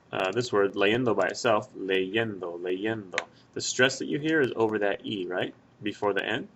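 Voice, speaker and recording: Methodical lower-voiced male Spanish teacher. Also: a bit bright, lo-fi sound, a little hiss or hum. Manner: methodical, walks through examples step by step. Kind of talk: screen-recorded grammar lesson.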